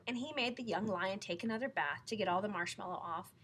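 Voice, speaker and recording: A woman reading a children's book aloud in a lively, playful way. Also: mid-range voice, fast, noisy background. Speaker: storyteller.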